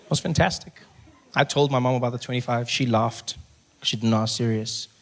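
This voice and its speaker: A young adult man with a South African accent performing stand-up, telling stories in an animated way and acting out the people in them. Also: medium pitch, brisk, a little hiss or hum. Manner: animated storytelling with acted-out voices. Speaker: stand-up comedian. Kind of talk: stand-up comedy. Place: comedy stage before an audience.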